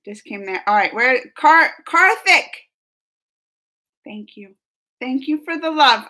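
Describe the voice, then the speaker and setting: A young woman with a high, bright voice chats through a live stream, reading viewer comments aloud. She is excitable and laughs often, breaking into squeals of enthusiasm. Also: slow, pauses often. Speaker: streamer hosting a live chat.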